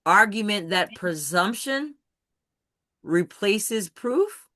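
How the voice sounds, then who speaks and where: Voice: mid-range voice, animated, takes it slowly, pushed and bright, no room sound, studio quality. A host leading a live video-call study session. The host talks emphatically and keeps asking whether everyone understands. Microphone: computer mic on a video call.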